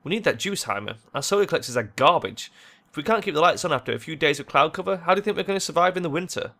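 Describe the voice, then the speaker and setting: Worried young woman with a brave front and a lifted, pleading voice, as a man puts her on; bright, gravelly edge. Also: fairly high pitch, lively intonation, rapid-fire, pitched above the performer's own voice, full character voice. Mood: worried, defiant. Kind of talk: reading game dialogue aloud.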